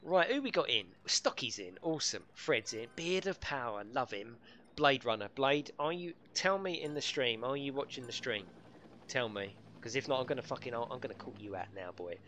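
A man's voice: medium pitch, animated, moderate pace, fairly bright tone, a little hiss or hum. A middle-aged man, live-streaming a racing game and bantering and swearing with his chat. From United Kingdom.

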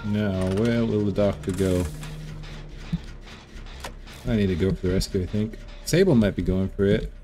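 A man giving relaxed, casual commentary while playing a game, muttering asides to himself. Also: lowish voice, normal speed, pauses often. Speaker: gameplay commentator.

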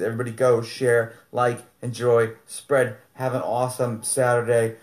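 A man hosting a casual live stream from his home studio, blunt and ranting, swearing freely and slipping into a high sing-song when he talks to his dog. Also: completely flat delivery, moderate pace, few pauses, echoey room.

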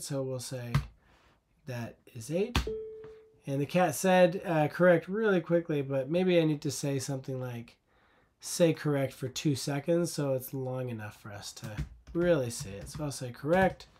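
A man's voice: fairly high pitch, darkish tone. A man teaching a coding lesson over a screen recording, patient and conversational, often asking the viewer rhetorical questions.

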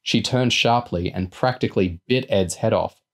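A man reading a novel aloud as a steady audiobook narration. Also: on the low side, moderate pace. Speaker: reader.

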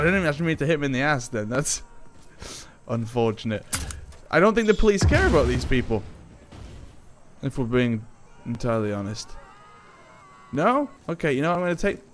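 A man giving excitable, jokey let's play commentary and talking back to game characters. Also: mid-range voice, moderate pace, long pauses. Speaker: gaming YouTuber. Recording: game sound effects and vehicle noise behind.

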